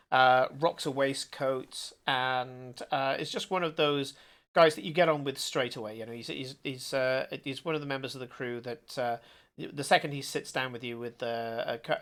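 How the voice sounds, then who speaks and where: A man narrating as game master, bursting into loud character voices. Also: medium pitch. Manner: animated, shouting out character lines.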